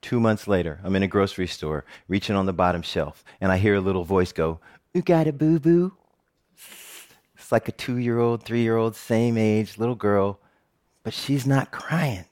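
A middle-aged man, a television reporter, telling a personal story in a talk with animated, joking delivery. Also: moderate pace. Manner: animated, jokey storytelling with big pitch swings.

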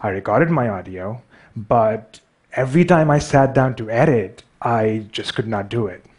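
A man's voice: medium pitch, animated, a little slow, darkish tone, breathy edge. A man with a Pakistani accent gives a storytelling talk on stage. He pokes fun at himself in a dry, wry way, in an ordinary mid-range voice. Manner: wry, self-deprecating. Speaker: speaker.

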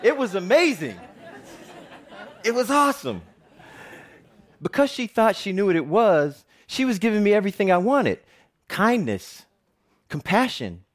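A man's voice: high voice, measured pace, pauses often, a faint crowd. A middle-aged man, a TV presenter, giving a personal storytelling talk with jokes and frequent laughter. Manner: animated, jokey storyteller who laughs often.

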